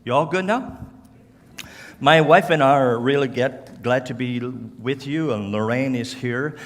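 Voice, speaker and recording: A man from Cape Breton Island with a Cape Breton accent, speaking as a guest at church in a slow, halting way, with slurred words and restarts. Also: medium pitch. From Cape Breton Island, Canada. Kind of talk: church talk to a congregation. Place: church hall. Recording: church hall reverb.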